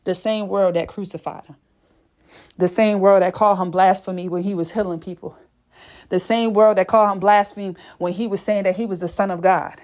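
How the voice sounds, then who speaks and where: A fervent woman gives a spiritual reading. She sounds out of breath, preachy and casual at once, swearing freely. Her voice sits at a middle pitch for a woman. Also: fairly even intonation, fairly quick, a little mellow. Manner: fervent, exclaims whew often, swears casually. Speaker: spiritual reader.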